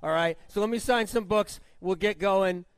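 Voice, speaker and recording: A man with a high voice greets a live audience as the event's host. He talks with feeling, repeats words and laughs often. His voice sounds dry and close to the mic. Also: normal speed, clear, resonant tone, no echo. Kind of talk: live stage welcome speech.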